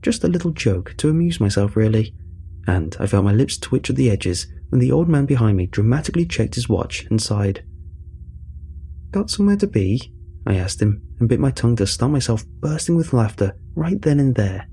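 A man narrating a first-person story in a measured, dry way. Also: mid-range voice, lively intonation, mellow, slight background noise.

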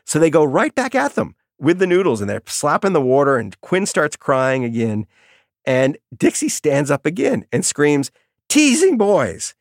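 A middle-aged man telling lively stories about his daughter as a guest in an interview. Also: on the high side, moderate pace, no echo, clean studio sound. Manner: animated storyteller, acts out quotes. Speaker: guest, author. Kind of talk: storytelling in an interview.

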